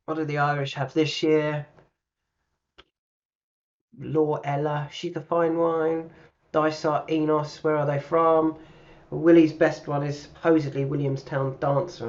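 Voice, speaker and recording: A man's voice: fairly high pitch, lo-fi sound. Chatty man giving racing tips. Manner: chatty, thinking aloud with many fillers. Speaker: horse racing tipster. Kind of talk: casual racing analysis.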